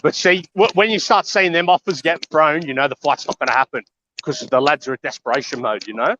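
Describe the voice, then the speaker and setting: A man's voice: a little high, fairly quick, sharp tone, highs cut off, a little hiss or hum. A man chatting casually about boxing, talkative and easygoing.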